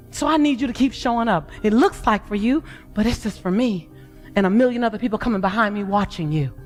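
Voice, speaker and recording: A woman giving a passionate motivational speech to a live audience, with preaching emphasis that swells and drops. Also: fairly high pitch. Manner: preaching, rising and falling emphasis. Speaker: motivational speaker.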